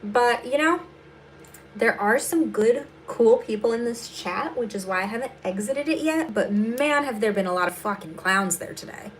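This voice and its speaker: A woman's voice: on the high side, lively intonation, normal speed, a little hiss or hum. A young adult woman comedian hosting a casual livestream, answering viewers bluntly and sarcastically, with plenty of swearing, while she does her makeup.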